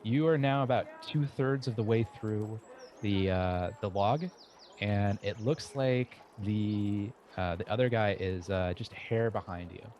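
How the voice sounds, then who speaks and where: A man narrating as game master of a tabletop game, describing scenes haltingly with many fillers. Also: lowish voice, a little mellow, muffled recording, slight background noise. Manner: halting, lots of "uh" and restarts while describing scenes.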